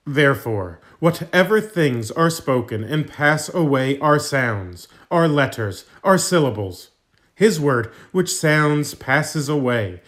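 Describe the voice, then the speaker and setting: A man reading an old sermon text aloud in a measured, solemn delivery. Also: mid-range voice, a bit bright. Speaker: reader.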